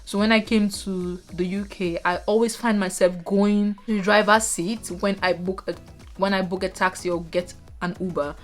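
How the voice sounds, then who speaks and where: A Nigerian woman vlogging casually, chatting to viewers with animated asides. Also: mid-range voice, normal speed, soft background music. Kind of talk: casual talking-head vlog.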